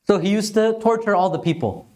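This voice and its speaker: A man's voice: sits high, fairly quick, darkish tone. Earnest man teaching a mosque lesson. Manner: earnest storytelling with Arabic phrases. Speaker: religious teacher.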